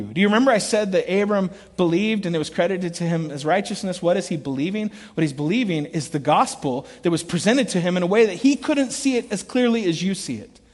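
A middle-aged man preaching a sermon, telling stories with lively acted quotes and dropping to quiet, earnest asides. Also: sits high. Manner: animated storytelling, shifts between loud acted quotes and quiet earnest asides. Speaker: pastor. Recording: long reverb of a large hall.

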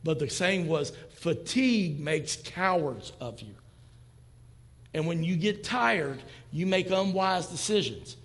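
A man's voice: a little high, expressive, takes it slowly, in a large hall. A man in his fifties preaching a sermon to a church congregation, talking in a conversational way and acting out quoted lines. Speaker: pastor. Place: church sanctuary.

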